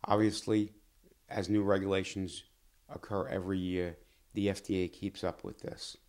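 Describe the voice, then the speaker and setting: Earnest deep-voiced man telling his story. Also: flat delivery, darkish tone. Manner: earnest, measured, reflective. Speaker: physician and pharma executive. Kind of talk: personal storytelling to camera.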